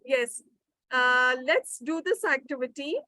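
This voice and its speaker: A woman leads a live webinar lesson with a high voice and an unhurried pace. She reads out participants' answers and cheers them on. The sound is dry and close, over a video call. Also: expressive, bright, forceful tone, no echo, low-quality recording. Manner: encouraging, reads out participants' replies. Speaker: webinar trainer. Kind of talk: interactive online teaching.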